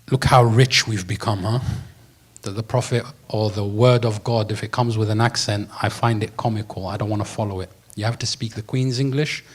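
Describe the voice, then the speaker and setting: A man giving a sermon, telling a story and talking in a relaxed, slangy way. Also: on the low side. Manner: lively storyteller, slips into slangy voices for quoted characters. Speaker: preacher.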